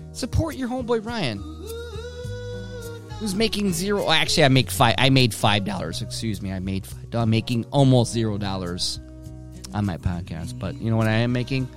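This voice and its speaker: A man hosting his own podcast from home, rambling casually with lots of swearing and self-directed jokes. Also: mid-range voice. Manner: profane, rambling, joking with himself. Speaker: podcast host.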